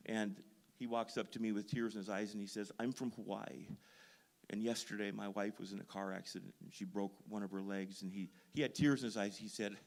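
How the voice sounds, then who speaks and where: A pastor's sermon from a man who talks in a fairly low voice. He tells stories about himself with a self-deprecating streak and lets the emphasis build loud. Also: fairly even intonation, a little fast, creaky. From Duluth, Minnesota. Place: church sanctuary.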